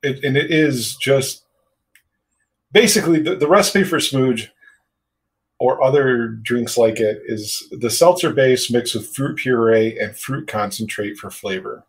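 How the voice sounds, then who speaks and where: A man's voice: medium pitch, a little slow, rough recording. A man chatting casually on a podcast about home brewing, rambling with lots of fillers and casual swearing. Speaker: podcast co-host.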